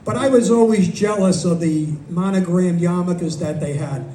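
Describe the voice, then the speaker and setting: A man's voice: high voice, moderate pace, warm tone, a little hiss or hum. An older man with a New York Italian accent doing wisecracking open mic stand-up in a small bar. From Brooklyn, New York. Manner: wisecracking, self-deprecating. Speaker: stand-up comic. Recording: roomy, distant mic, faint ambience.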